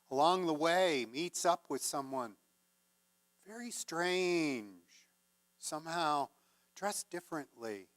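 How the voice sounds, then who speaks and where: A male minister telling a folk tale in a sermon, measured and gently conversational. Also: fairly high pitch. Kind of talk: sermon storytelling.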